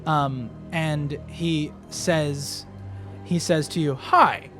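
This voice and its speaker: A man's voice: on the high side, fairly even intonation, drawn-out words, over music. A man running a tabletop game, narrating in a casual, filler-heavy way. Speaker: game master.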